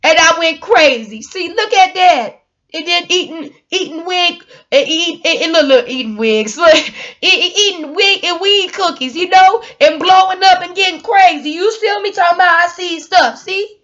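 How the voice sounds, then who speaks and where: Rambling woman, high voice, dull lo-fi phone sound, casual motivational talk. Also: moderate pace. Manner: rambling, laughing, swings from loud to hushed. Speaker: motivational vlogger.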